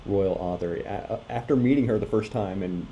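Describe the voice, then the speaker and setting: A co-host reading news stories aloud on a casual podcast. The delivery is halting and full of fillers. The voice is very low and very dark, with faint noise in the background. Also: vocal fry, lo-fi sound. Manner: hesitant, many fillers. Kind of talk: casual chat, reading headlines.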